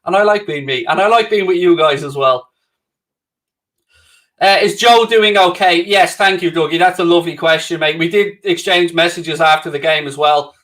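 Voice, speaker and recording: Upbeat young Irish streamer, slightly high voice, jokey self-mocking chat with viewers. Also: male voice, fairly bright tone. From Ireland. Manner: cheerful, chatty, self-mocking banter. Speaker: livestream host. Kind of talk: casual live chat reading viewer comments.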